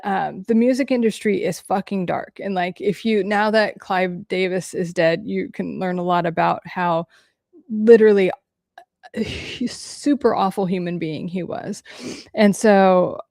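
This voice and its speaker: Low, gravelly woman chatting with viewers. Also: a little mellow, no echo, studio quality. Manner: candid, reads comments aloud, swears freely. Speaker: livestream host answering viewer questions. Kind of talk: casual livestream chat.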